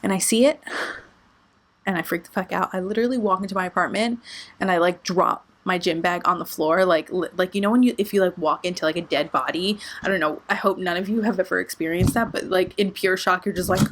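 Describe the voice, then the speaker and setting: Young woman, storytime vlogger; lively, swears casually, very expressive. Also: fairly low pitch, brisk, a little hiss or hum. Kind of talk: storytime vlog.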